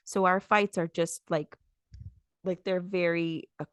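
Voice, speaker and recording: Animated woman telling stories on a podcast. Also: on the low side, unhurried, clear, resonant tone, no echo, studio quality. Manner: animated storyteller, acts out quotes loudly. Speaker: podcast co-host. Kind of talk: casual chat.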